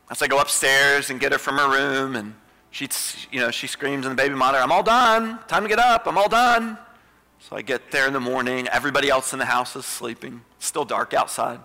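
A man in his thirties preaches with a ringing, bright tone that sits a little high. He swings between pleading peaks and hushed, repeated refrains. A long hall reverb trails his words, with a soft wash of music beneath. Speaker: pastor. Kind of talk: sermon.

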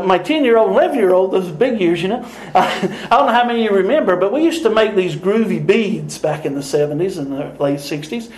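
A man's voice: high-pitched, echoey room, low-quality recording. An older man preaching a sermon, telling stories with frequent laughter and acting out the people in them. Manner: animated, laughing often, acting out dialogue. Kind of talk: sermon with storytelling.

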